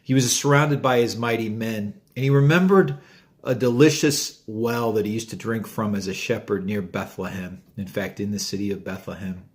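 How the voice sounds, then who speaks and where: Chatty pastor talking through a mouthful. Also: male voice, on the low side, moderate pace. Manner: chatty, storytelling, eating while talking. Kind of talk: short devotional talk.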